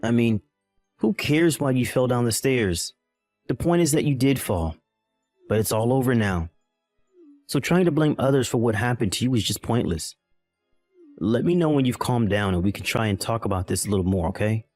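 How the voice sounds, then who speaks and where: A man's voice: medium pitch, animated, normal speed, darkish tone, no echo, soft background music, natural voice. A man playing a callous young husband in a dramatized text-message story, exasperated and blaming. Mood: dismissive.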